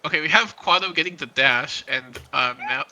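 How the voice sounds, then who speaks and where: Bright, sharp-voiced man stammering through commentary. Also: a little high, normal speed. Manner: stammering restarts, laughs often. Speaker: tournament commentator. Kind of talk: casual live-stream commentary.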